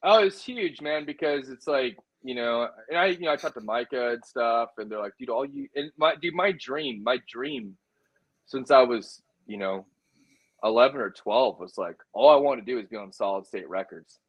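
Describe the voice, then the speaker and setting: A male musician in a casual interview, telling a story in a rambling, animated way, full of fillers like "like" and "dude". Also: medium pitch, moderate pace, husky, muffled recording. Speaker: musician guest.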